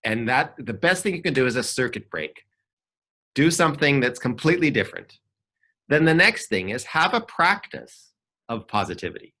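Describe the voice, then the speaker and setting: Male arts coach, bright and animated, persuasive with rhetorical questions, video call sound. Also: mid-range voice. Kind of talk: online forum talk.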